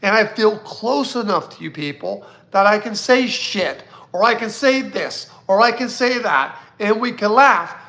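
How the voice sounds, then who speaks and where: A man with a bright, sharp tone hosts a casual live stream. He talks bluntly, swears now and then, and reads viewer questions aloud. His voice sits high and carries a gravelly rasp. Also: animated, unhurried, hardly any pauses. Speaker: psychic hosting a live Q&A.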